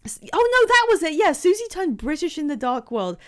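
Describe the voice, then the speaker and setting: A woman's voice: high-pitched, sing-song, a little fast, fairly bright tone. A woman streamer chatting casually while playing a game, rambling with many fillers and restarts.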